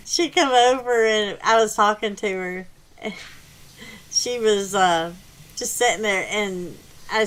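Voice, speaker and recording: A woman's voice: medium pitch, fairly bright tone, rough recording. A woman hosting a gaming channel, rambling through a casual story while she plays and laughing often. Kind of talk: casual chat while playing.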